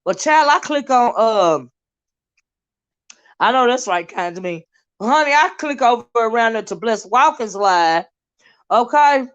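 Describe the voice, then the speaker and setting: A woman's voice: fairly high pitch, unhurried, pauses often, clear, resonant tone. Chatty woman hosting a gossip livestream. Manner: chatty, animated, drawling asides. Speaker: YouTube commentary host. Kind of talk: casual livestream gossip commentary. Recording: dull lo-fi livestream audio.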